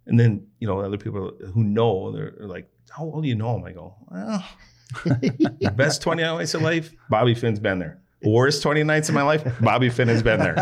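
Guy guest on a podcast telling a wild bar story, acts out the voices, mid pitch. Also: moderate pace, gravelly. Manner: animated storyteller, acts out quotes. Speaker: guest, restaurant owner.

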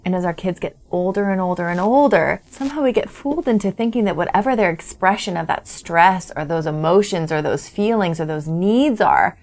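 A woman co-hosting a casual parenting talk, reading listener questions and acting out parents' thoughts in lively asides. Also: lowish voice, brisk, few pauses. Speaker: parenting podcast co-host. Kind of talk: casual chat.

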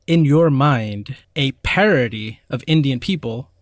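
A man's voice: mid-range voice, unhurried, no echo, studio quality. A man co-hosting a casual podcast discussion, asking probing questions in an inquisitive way. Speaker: podcast co-host.

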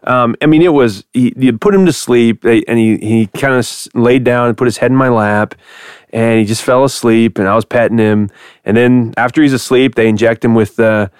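A radio host chatting casually, telling a story with lots of laughter and acted-out quotes. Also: male voice, mid-range voice, normal speed, clear, resonant tone, no echo, studio quality. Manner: animated storyteller, laughs often, acts out quoted voices.

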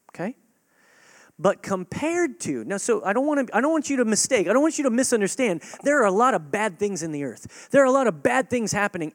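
A man preaching a sermon to his congregation, earnest and direct, swinging between loud urging and hushed, near-whispered lines. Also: high voice, no room sound. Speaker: pastor.

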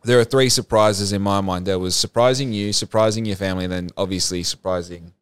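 A young man hosting a podcast, telling a story in casual, animated chat with rambling asides. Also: fairly low pitch, a little fast, smooth, dry recording. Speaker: podcast host.

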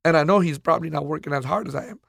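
Animated man telling a story. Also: on the high side, very fast, vocal fry, no room sound, studio quality. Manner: animated, acts out the people he quotes. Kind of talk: casual storytelling.

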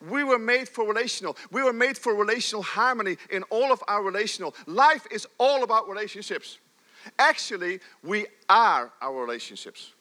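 Male pastor, middle-aged, high voice, animated sermon, loud then soft. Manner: animated, swings from loud emphasis to soft low asides.

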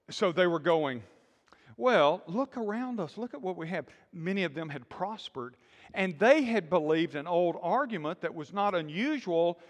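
A man preaching a sermon in a lively call-and-response style, with sudden loud bursts. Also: high voice. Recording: long hall reverb.

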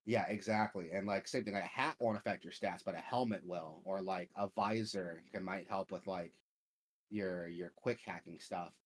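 Profane, rambling young man, low voice. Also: moderate pace, breathy edge. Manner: rambling, profane, filler-heavy. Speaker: podcast host. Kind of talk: casual gaming chat.

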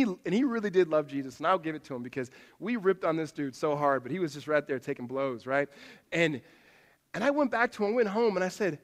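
A middle-aged man preaching a sermon, telling stories and swinging from loud animated bursts to hushed asides. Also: a little high. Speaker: pastor. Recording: long reverb of a hall.

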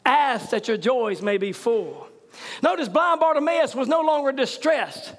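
A very high-pitched male preacher with a drawl. He swings between shouted, fervent bursts and hushed storytelling. Hallelujahs punctuate his sermon to the congregation. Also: lively intonation, a little slow. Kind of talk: revival sermon.

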